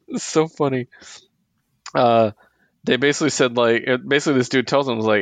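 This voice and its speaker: In a dry recording, a man with a mid-range voice talks at normal speed, pausing often. He co-hosts a podcast, casually discussing comic books, frequently laughing and acting out what the characters say.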